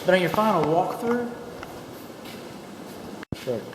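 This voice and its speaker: A man's voice: high voice, slow pace. Texan man, folksy home inspector, chatty walkthrough, long reverb, background hum. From Texas. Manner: folksy, chatty, joking asides. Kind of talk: walkthrough narration to a client. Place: empty new house interior. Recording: echoey empty rooms, steady background noise.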